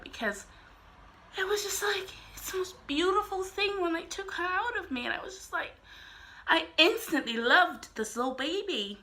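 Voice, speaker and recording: A woman's voice: very high voice, animated, normal speed, sharp tone. A young woman vlogger talking casually to camera, earnest and a little rambling.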